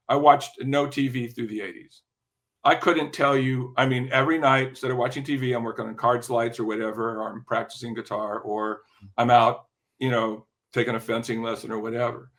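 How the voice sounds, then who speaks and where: Older man telling stories with sharp brightness. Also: mid-range voice, brisk. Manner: animated anecdotal storyteller, frequent restarts and throat clearing. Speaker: podcast guest, music industry veteran. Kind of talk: casual interview storytelling.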